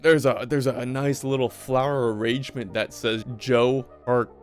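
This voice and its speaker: A man's voice: mid-range voice, normal speed, clean tone, soft background music. A man recapping a movie in a casual, joking, profane way. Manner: swearing, joking, animated.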